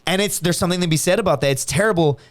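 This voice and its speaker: A man guest on a podcast, telling stories in a casual, animated and profane way, acting out other people's lines. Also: sits high, very fast. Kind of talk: casual storytelling chat.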